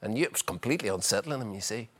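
A middle-aged man, a former footballer telling lively anecdotes as a guest, full of "you know". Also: fairly low pitch, rapid-fire. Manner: chatty, leans on "you know", acts out scenes. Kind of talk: animated anecdotal storytelling.

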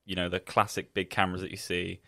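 A man's voice: sits low, monotone, quick pace, vocal fry, sharp tone, no echo, studio quality. A man, a photographer, chatting casually and explaining things hesitantly, step by step. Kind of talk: casual chat.

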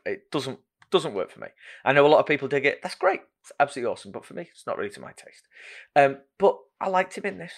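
A man's voice: medium pitch, sing-song, fast talker, vocal fry. A man hosting a podcast, chatting casually with self-deprecating asides and plenty of ums. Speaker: podcast host. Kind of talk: casual chat.

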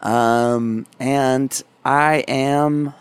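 A man's voice: medium pitch, steady tone, drawn-out words, clear, resonant tone, no room sound. A man hosting a casual podcast, rambling and self-deprecating, swearing offhandedly. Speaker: podcast host.

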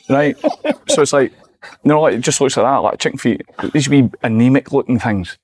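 A Scottish man in his forties, a guest telling lively anecdotes in a casual podcast chat. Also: mid-range voice, moderate pace, slightly rough. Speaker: guest, former footballer and manager.

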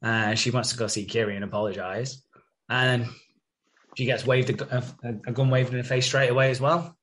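A man hosting a casual podcast recap of a TV episode. He tells it loosely and chattily, with swearing and many fillers, in a mid-pitched everyday voice. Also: fairly even intonation, fairly quick, a bit bright, a little hiss or hum. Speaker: podcast host.

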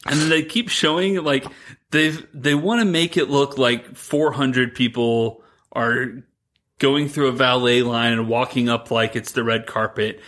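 A man's voice: medium pitch, steady tone, a little slow, a bit bright. A man co-hosting a podcast, rambling through a mocking movie recap and laughing between his lines in casual chat. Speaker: podcast co-host.

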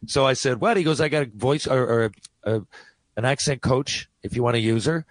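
A man co-hosting sports radio, talking hockey in quick, chatty bursts. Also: mid-range voice, no room sound, low-quality recording. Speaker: sports radio co-host and actor. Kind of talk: casual sports talk.

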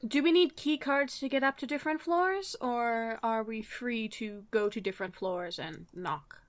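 A woman playing a tabletop role-playing game, playful and expressive. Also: fairly high pitch, moderate pace. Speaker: player. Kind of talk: in-character tabletop play.

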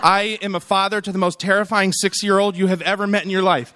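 A man's voice: sits high, fast, smooth. A middle-aged man giving a humorous keynote speech, telling stories and acting out the people in them. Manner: animated storytelling, acts out quoted voices. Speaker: conference keynote speaker.

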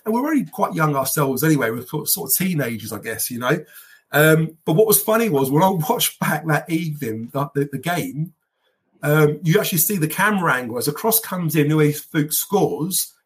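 Husky, slightly high man, animated storyteller in casual chat. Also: normal speed. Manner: animated anecdotes, laughs as he tells them. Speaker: guest football fan.

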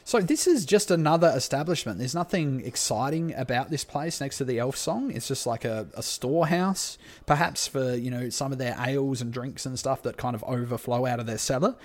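A man's voice: medium pitch, fairly quick. A man running a tabletop game as game master, describing scenes in a laid-back way.

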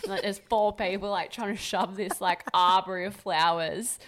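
A woman's voice: mid-range voice, fairly even intonation, normal speed, fairly bright tone. A woman co-hosting a casual podcast, reading listener questions and telling chatty anecdotes. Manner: chatty storyteller, laughs through anecdotes. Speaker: podcast co-host.

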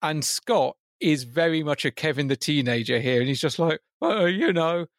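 A man's voice: mid-range voice, normal speed, no echo, studio quality. A man co-hosting a podcast, recapping an old TV show in a wry, chatty way. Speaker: podcast co-host.

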